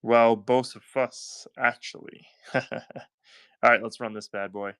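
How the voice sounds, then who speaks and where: A man's voice: medium pitch, fairly even intonation, slow pace, fairly bright tone, smooth, no echo. A man with a Southern US accent hosting a live-stream coin auction, talking in upbeat, chatty selling patter and thanking buyers by name.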